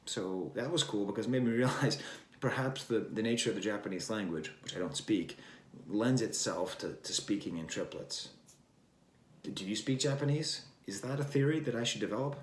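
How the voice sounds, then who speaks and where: A man's voice: on the low side, normal speed, a little hiss or hum. A man hosting a casual album review, talking in a rambling, wry way and drifting between thoughts with plenty of fillers. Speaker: record review host. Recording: roomy echo.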